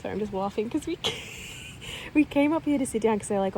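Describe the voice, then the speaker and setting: A woman chatting casually to a handheld camera as a travel vlogger, upbeat and quick to laugh. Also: mid-range voice, gravelly, background noise. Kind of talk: casual vlog chat.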